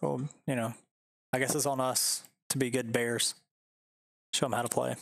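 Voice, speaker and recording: A man's voice: medium pitch, little pitch movement, normal speed, vocal fry, fairly bright tone, no room sound. Chill guy streaming games from home, rambles a lot, swears, dry close mic. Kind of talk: casual game-stream chat.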